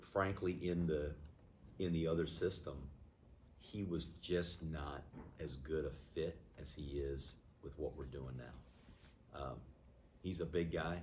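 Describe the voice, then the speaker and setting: A middle-aged man speaks in a remarkably deep, low voice as a football head coach fielding questions from the press. He talks in a plainspoken, measured way and thinks aloud as he answers. A faint hum of background noise sits under his words. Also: darkish tone. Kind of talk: post-game media interview.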